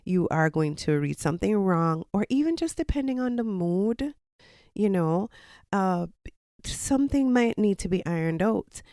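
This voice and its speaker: A woman's voice: medium pitch, lively intonation, measured pace, warm tone, no room sound, studio quality. A Jamaican woman, a podcast host and college lecturer, giving casual advice in an explanatory, teacherly way. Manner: explanatory, teacherly, with personal anecdotes.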